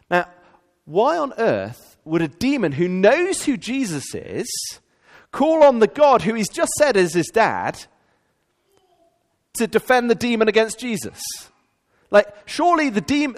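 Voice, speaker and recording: A man preaching a sermon, animated and asking the congregation rhetorical questions. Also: high-pitched, moderate pace, in a large hall. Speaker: pastor.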